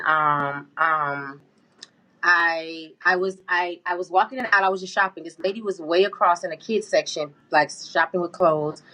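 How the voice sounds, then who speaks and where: A woman's voice: on the low side, pushed and bright, rough recording. A woman answering interview questions, telling her story in an emphatic, indignant way.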